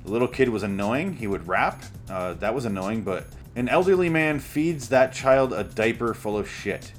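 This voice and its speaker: A man's voice: medium pitch, animated, moderate pace, soft background music. A man ranting casually about movies in a sarcastic, profane monologue, recorded at home. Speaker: author reading and commenting on his book.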